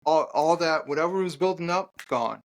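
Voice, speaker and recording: A man who is an author appears as a podcast guest, telling an earnest personal story in conversation. His voice is fairly high, and he speaks haltingly, with restarts and fillers.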